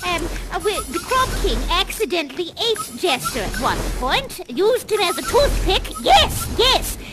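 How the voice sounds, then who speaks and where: A gushing, high-voiced party hostess. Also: female voice, low-quality recording. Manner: gushing, chatty, theatrical exclamations. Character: theatrical, fussy female party hostess and tour guide. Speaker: live actor guiding a tour in a virtual reality theater show. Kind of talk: improvised live role-play.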